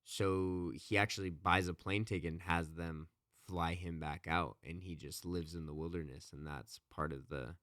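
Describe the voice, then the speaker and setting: A man with a very low voice chats loosely on a podcast, circling back with "you know" and "like" as he retells a story. The sound is close and dry, with no room around it. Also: steady tone, normal speed, hardly any pauses, a bit bright, dry recording. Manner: rambling, many fillers and restarts. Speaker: podcast co-host. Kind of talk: casual chat retelling a book.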